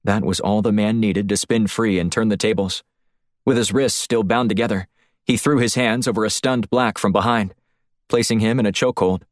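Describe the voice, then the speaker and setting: A man reading a thriller audiobook in a steady, even storytelling voice, recorded close on a studio mic. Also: fairly low pitch, normal speed, dry recording. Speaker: audiobook narrator. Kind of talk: scripted narration.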